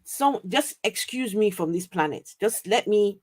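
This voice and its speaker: A woman co-hosting a live stream, chatting casually with an animated, incredulous manner and frequent laughter. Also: medium pitch, measured pace, no room sound, clean studio sound. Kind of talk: casual chat reacting to a video. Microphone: streaming microphone.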